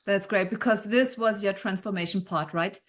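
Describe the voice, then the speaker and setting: A woman's voice: medium pitch, normal speed. A woman hosting an interview, asking questions and encouraging the guest with short affirmations over a video call. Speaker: host. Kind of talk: interview questions, casual chat.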